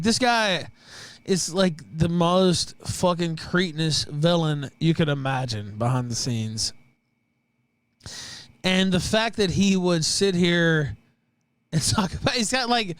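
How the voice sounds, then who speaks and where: Male stream host, profane mocking ranter, lively high voice. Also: no room sound. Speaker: livestream show host. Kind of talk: ranting commentary.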